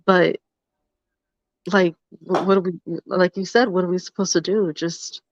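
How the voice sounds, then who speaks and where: A woman's voice: fairly low pitch, fairly even intonation, a little slow, no echo, muffled recording. A woman co-hosting a live podcast, frank and teasing, often restarting her sentences. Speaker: podcast co-host.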